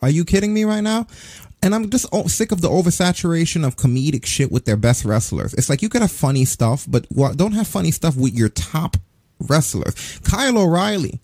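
Man in his forties, profane casual rant, quick delivery, dry close sound. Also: on the high side, dry recording. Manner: profane, ranting, animated. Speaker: podcast co-host. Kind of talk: casual wrestling review chat.

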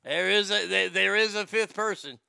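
A man's voice: high-pitched, moderate pace, vocal fry, bright, forceful tone, smooth, no room sound, studio quality. Stammering, boastful male show host. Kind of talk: casual chat.

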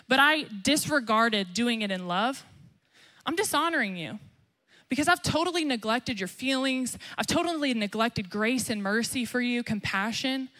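A woman's voice: expressive, moderate pace, pushed and bright. A young woman pastor preaching a sermon emphatically, acting out quotes as she goes. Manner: emphatic, acts out quotes with rising pitch.

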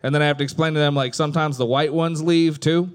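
A man in his thirties doing stand-up, telling a family story deadpan and putting on voices for the punchlines. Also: on the high side, fast. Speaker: stand-up comedian.

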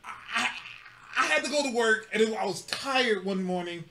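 A man's voice: high voice, lively intonation, moderate pace, a crowd in the background. A podcast co-host man telling stories in casual chat, laughing often and acting out quotes. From California.

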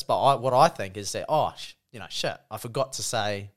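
A man's voice: medium pitch, animated, a little fast. A man with a New Zealand accent, co-hosting a casual, laid-back chat and often saying "bro" and "you know".

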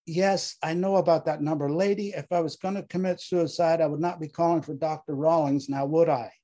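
A man's voice: on the high side, steady tone, brisk, warm tone, natural voice. A man voicing a haunted male veteran platoon leader who pleads, grieves and snaps in anger. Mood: exasperated. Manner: pleading, exasperated, grief-stricken.

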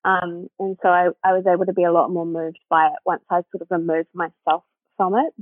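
This is a woman speaking over a thin, phone-like line, with a husky, breathy tone in a dry sound. She is an actress guest who tells stories animatedly and laughs often. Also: fairly low pitch, brisk, no room sound. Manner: animated storyteller who acts out quoted voices, laughing often. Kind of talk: casual interview chat.

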